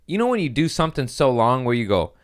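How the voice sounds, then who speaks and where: Brief: young male comic, casual podcast monologue, very lively pitch swings, jokey. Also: quick pace. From Mexican-American family. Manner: animated, jokey, swings into loud character voices. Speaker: comedian podcast host.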